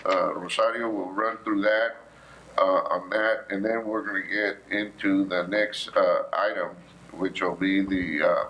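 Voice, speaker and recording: A man, giving a city council an economic overview in a halting way, with many "uh"s and restarts. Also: sits low, fairly even intonation, lo-fi sound, slight background noise. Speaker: city official presenting to council. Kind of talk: economic overview at a public meeting.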